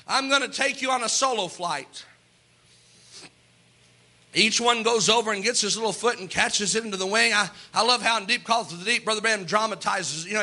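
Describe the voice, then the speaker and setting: High, bright-voiced man preaching a sermon. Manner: folksy storytelling with repeated restarts. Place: church.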